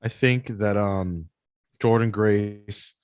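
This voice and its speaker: A man co-hosting a wrestling podcast, talking slowly in casual chat with many pauses and fillers. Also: lowish voice, a little mellow, smooth, no room sound, clean studio sound. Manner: slow, halting, with many fillers. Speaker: podcast co-host.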